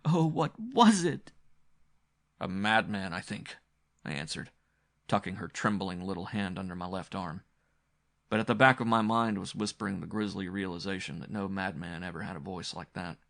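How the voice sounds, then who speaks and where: A man's voice: sits low, steady tone, brisk, creaky, a bit bright. A man narrating a gothic horror story in the first person, grim and dramatic. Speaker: audiobook narrator.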